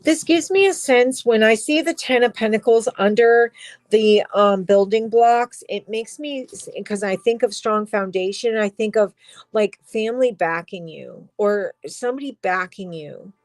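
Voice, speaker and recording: A tarot reader gives a personal reading, her slightly high voice emotional and halting as she cries, sighs, and adds soft whispered asides. The rough recording has no room sound.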